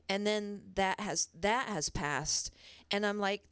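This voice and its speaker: Soft-spoken grieving woman, dry close sound. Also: medium pitch, moderate pace, few pauses, clear, resonant tone, no echo. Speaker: guest singer. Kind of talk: casual interview talk. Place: TV studio.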